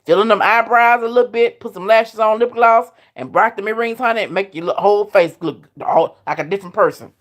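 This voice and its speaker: A woman's voice: mid-range voice, fast talker, few pauses. A woman hosting a casual live chat, talking straight to her viewers and laughing often. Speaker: live stream host.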